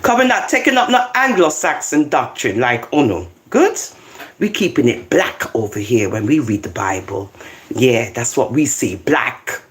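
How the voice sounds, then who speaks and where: A speaker, reading scripture aloud with commentary, getting excited and then calming down. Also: mid-range voice, moderate pace, slight background noise. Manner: excitable, animated, swings between loud bursts and quiet asides. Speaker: Rastafarian Bible reader.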